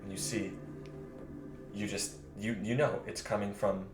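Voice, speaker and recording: A man's voice: on the low side, steady tone, unhurried. A man narrating a tabletop game as game master, describing scenes with many fillers. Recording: roomy with music behind.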